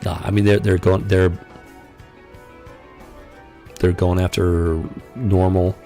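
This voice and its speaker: Low gravelly man rambling on stream. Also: flat delivery, takes it slowly, dark tone, soft background music. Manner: rambling, incredulous, with frequent fillers and laughs. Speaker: podcast host. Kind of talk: casual live-stream commentary.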